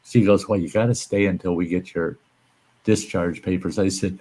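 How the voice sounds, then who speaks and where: Deep voiced guy hosting a chill stream, blunt and cussing while he tells stories. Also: normal speed, mellow, slightly rough. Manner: blunt, profane, acts out the people in his stories. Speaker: livestream host. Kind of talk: casual storytelling chat.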